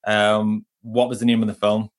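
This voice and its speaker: A man's voice: on the low side, flat delivery, normal speed. A man, co-hosting a podcast and reading out quiz questions in a playful, laughing way. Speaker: podcast co-host, quizmaster. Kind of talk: casual quiz chat.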